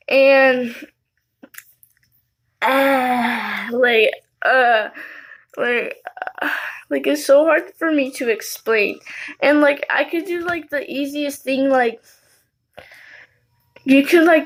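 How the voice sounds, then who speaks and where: High-voiced young woman rambling anxiously. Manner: rambling, filler-heavy, restarts often; anxious, self-doubting. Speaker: vlogger. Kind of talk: casual to-camera talk.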